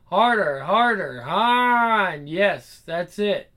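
A man's voice: fairly high pitch, lively intonation, unhurried, pushed and bright. A man putting on a breathless, reckless young woman.

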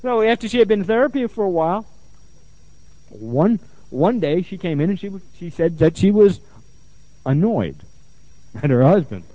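Animated male therapist telling stories. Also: high voice, normal speed, long pauses, no room sound. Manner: animated storytelling, repeats phrases for emphasis. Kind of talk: lecture with anecdotes. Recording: dull, muffled lo-fi sound.

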